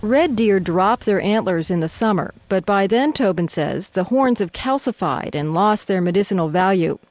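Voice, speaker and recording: A woman reporter reading a scripted news report in a measured, even way. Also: mid-range voice, dry recording.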